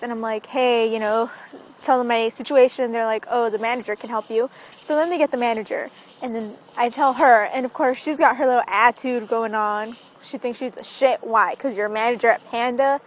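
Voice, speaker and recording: A young woman telling a story in a casual vlog, chatty and animated, recorded outdoors on a street. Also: a little high, normal speed, a little hiss or hum. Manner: chatty, animated retelling with lots of "like". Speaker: vlogger.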